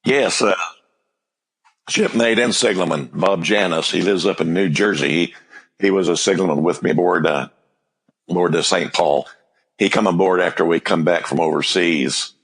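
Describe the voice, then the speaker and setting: A man in his seventies, a navy veteran guest, recalling his service in plainspoken, unhurried interview answers. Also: low voice, fairly bright tone, breathy edge, long reverb tail, poor audio. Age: 70s.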